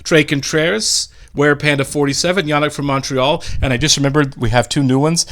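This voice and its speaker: A man's voice: on the high side, steady tone, a little fast, a bit bright. A man co-hosting a movie reaction, talking casually with many restarts and dry humor. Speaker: co-host.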